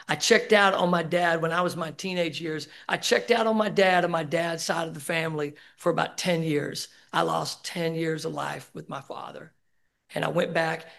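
A man's voice: fairly high pitch, creaky, fairly bright tone. A middle-aged man giving a candid, emotional personal share at a recovery meeting, swearing casually. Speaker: speaker sharing at a recovery meeting. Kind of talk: personal share at a support group. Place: meeting room.

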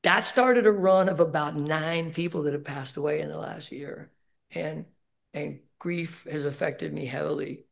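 A man speaking candidly at a recovery meeting, sharing his personal story with many halting fillers. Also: a little high, gravelly. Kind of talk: personal testimony.

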